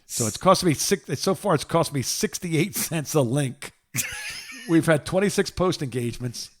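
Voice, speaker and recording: A man co-hosts a casual podcast chat. His voice is a touch high and swings up and down. He is excitable, flustered, and stumbles while thinking out loud. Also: normal speed. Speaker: podcast co-host.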